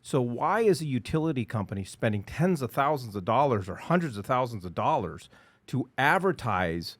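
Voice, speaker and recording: A man with a mid-range voice rants in a lively way on a podcast, now and then mimicking people for effect. The sound is dry and close, with no room echo. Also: mid-range voice, moderate pace. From Arizona, United States. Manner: animated ranting, mocking voices. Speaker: podcast co-host. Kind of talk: casual podcast discussion.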